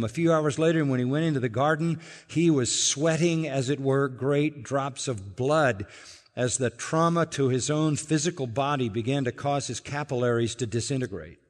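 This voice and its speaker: Earnest preacher in a reverberant hall. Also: male voice, moderate pace. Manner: earnest, builds to emphatic peaks then drops low. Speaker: pastor. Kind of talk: sermon. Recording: long reverb of a large hall.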